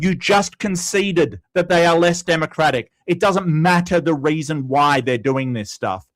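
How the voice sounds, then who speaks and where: An Australian man with a notably high voice tears into a viewer, swearing and shouting insults in a heated livestream rant. He speaks as a young guest co-reviewing a debate. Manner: heated, profane, rapid ranting.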